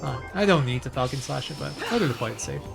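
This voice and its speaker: Man, speedrun commentary, casual, chatty, thinking aloud, medium pitch, game music underneath. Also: lively intonation, quick pace, creaky.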